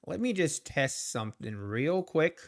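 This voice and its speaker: A man's voice: fairly high pitch, big pitch swings, a little slow. A man hosting a live trading stream, rambling casually to the market and his chat viewers. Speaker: trading livestream host.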